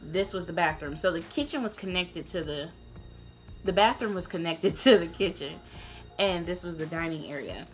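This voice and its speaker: A young woman vlogger telling a personal story in a candid, rambling way, earnest and emotional, sometimes getting loud and passionate. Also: on the low side, moderate pace, faint music behind. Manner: loose, rambling, many restarts.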